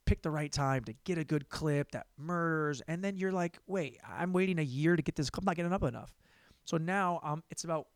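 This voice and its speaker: A man's voice: a little high, no room sound, studio quality. A young man hosting his own podcast, a stand-up comic rambling casually, swearing and laughing at himself. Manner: rambling, profane, self-mocking, laughs often. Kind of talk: casual solo podcast monologue.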